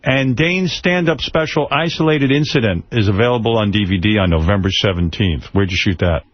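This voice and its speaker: A man's voice: fairly low pitch, a little fast, no room sound. A man hosting a radio interview, asking teasing, prying questions in a casual way. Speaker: radio show host. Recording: dull lo-fi radio broadcast.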